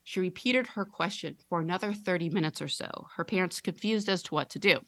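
A woman podcast host reading a listener's horror story aloud with dramatic, drawn-out storytelling on a close mic. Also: fairly low pitch, no room sound.

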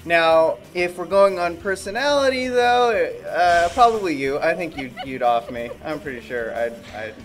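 A man's voice: fairly high pitch, lively intonation, normal speed, hardly any pauses, soft background music. A man chatting casually with his sister, hesitant and self-deprecating, often repeating his words as he restarts. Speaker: older brother, guest. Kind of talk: casual chat.

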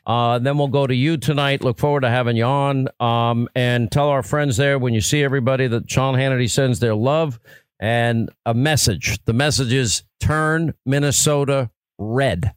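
A man's voice: mid-range voice, moderate pace, smooth, no echo. Man, middle-aged, radio host, impassioned, emphatic, dry studio sound. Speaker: radio talk show host. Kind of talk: political talk radio.

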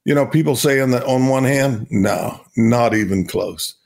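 A man's voice: medium pitch, moderate pace, gravelly, a little mellow. An older man from Oklahoma, a retired ballplayer, telling stories in a rambling, repetitive way as an interview guest. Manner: rambling, repeats himself, laughs while talking. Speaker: guest, retired baseball star. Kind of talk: casual interview storytelling.

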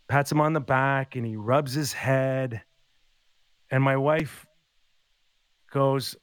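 In a relaxed conversation, a man in his fifties who used to play hockey recounts stories in a medium-pitched voice, recorded without echo. He brings them to life by animatedly acting out what people said.

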